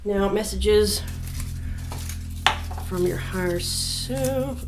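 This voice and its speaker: A young woman giving a casual tarot reading, thinking aloud with frequent fillers and reading scripture passages slowly. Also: medium pitch, vocal fry, darkish tone. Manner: unhurried, thinking aloud with many fillers, reads verses slowly. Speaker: tarot reader. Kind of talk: casual spiritual reading to camera.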